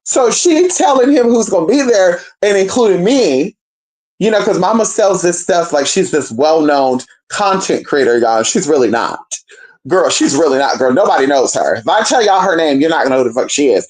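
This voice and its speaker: A woman's voice: fairly low pitch, lively intonation, moderate pace, a little mellow. A brash, profane woman from Northern California telling a gossipy story and talking straight to her viewers. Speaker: storyteller vlogger. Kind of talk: casual storytime chat.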